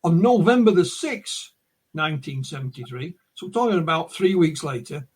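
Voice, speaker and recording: A male interview guest with a husky, somewhat breathy voice that sits high for a man. He recounts events step by step in a relaxed, conversational way, dropping in fillers as he goes. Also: moderate pace. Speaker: guest, UFO author. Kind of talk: casual interview storytelling.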